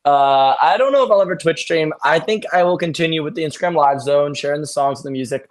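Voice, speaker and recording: Lively young man on a video call. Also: on the high side, quick pace. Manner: animated storytelling, acts out friends' voices. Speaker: actor guest. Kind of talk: casual video-call interview.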